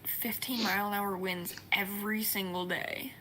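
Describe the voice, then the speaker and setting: A woman's voice: mid-range voice, fairly even intonation, moderate pace, sharp tone, a little hiss or hum, low-quality recording. A young woman chatting casually while gaming, telling stories and complaining, sometimes dropping to a whisper. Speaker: streamer co-host.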